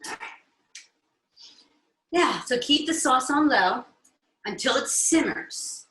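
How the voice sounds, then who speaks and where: In her home kitchen, a middle-aged Italian-American cooking show host demonstrates a dish live, chatting with viewers and frequently checking in on them as she works. Her high voice is animated and fairly bright, her pace is slow, and the poor-quality audio is reverberant.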